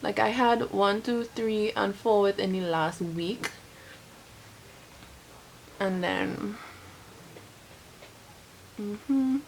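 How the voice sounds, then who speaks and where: A woman's voice: medium pitch, very slow, gravelly, long pauses, a little hiss or hum, rough recording. A young Trinidadian woman vlogging casually to camera, rambling with lots of filler words. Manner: chatty, rambling, many "like" fillers. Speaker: beauty vlogger.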